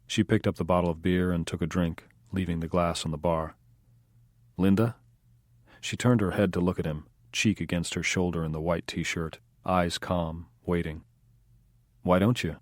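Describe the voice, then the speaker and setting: A man reading an audiobook in measured scripted narration. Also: low voice, level tone, no room sound, clean studio sound.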